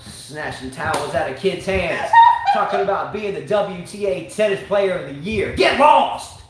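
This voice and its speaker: A man co-hosting a live online sports talk show, ranting in an animated way with comic outbursts. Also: high-pitched, normal speed. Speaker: show co-host. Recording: very echoey room, faint hiss.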